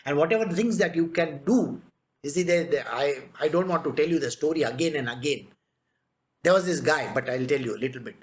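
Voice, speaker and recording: A man's voice: on the high side, animated, quick pace. A man giving a spiritual discourse as a teacher, telling stories and firing rhetorical questions at his listeners. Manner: emphatic, rhetorical questions, storytelling.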